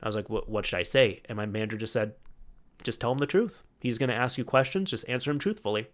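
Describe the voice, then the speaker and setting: A man's voice: medium pitch, quick pace. A man hosting a solo podcast, casually retelling an old workplace story, quoting coworkers in his own voice and laughing at the memory. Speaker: podcast host.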